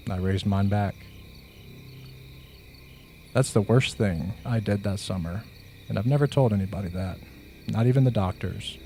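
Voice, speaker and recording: A man narrating a first-person horror story in a slow, measured, hushed way. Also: on the low side, slight background noise.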